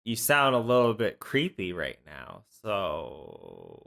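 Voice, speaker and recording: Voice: deep voice, huge pitch swings, slow, creaky, fairly bright tone. A commentator reacting to clips with sarcastic, incredulous asides.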